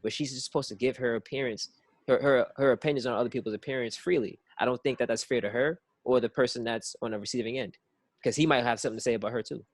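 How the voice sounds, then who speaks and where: A man talking through his view on a podcast in a loose, rambling way, looping back on the same phrases and repeating words as he works the idea out. The sound is dry and close, with no room around it, and his pitch sits mid-range. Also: fast, no room sound. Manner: rambling, circling back with "it's like"; repeats words while thinking. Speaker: podcast co-host. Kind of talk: casual podcast discussion.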